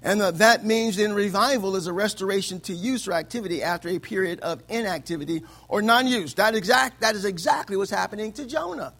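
A preacher delivers his sermon in a high voice, asking for amens again and again. He keeps it conversational and slips into quick voices for his anecdotes. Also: a bit bright. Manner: call-and-response preaching, frequent amens, acts out voices in anecdotes. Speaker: pastor.

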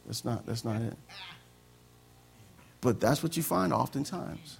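A man preaching a sermon as pastor, animated and acting out conversations. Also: mid-range voice, a little slow, creaky, breathy edge.

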